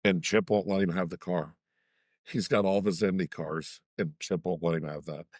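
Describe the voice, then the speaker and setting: Sex: man. Role: co-host. Pitch: very low. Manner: halting, chatty. Sound: dry. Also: fairly even intonation, a little mellow, no echo. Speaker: show co-host. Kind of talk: casual interview chat.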